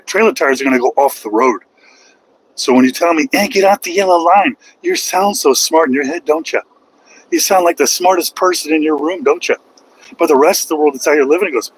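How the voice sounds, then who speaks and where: A man's voice: fairly high pitch, a little hiss or hum, rough recording. Sarcastic trucker ranting from his cab. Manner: sarcastic, mocking, heckles critics in a put-on whiny voice. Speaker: truck driver vlogger. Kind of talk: live-stream rant to chat. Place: inside a truck cab on the road.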